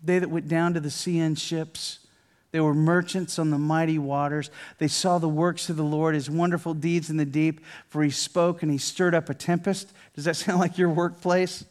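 Higher-voiced man preaching, hushed to emphatic. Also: little pitch movement. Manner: swings from emphatic preaching to hushed, near-whispered prayer; reads scripture aloud with dramatic pauses. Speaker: pastor. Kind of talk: sermon.

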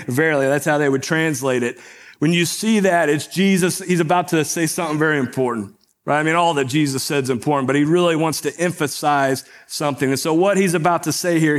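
A man preaching a sermon as a pastor. He talks conversationally, often checks in with the congregation by asking "right?", rises when he retells the story and softens when he explains it. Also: fairly high pitch.

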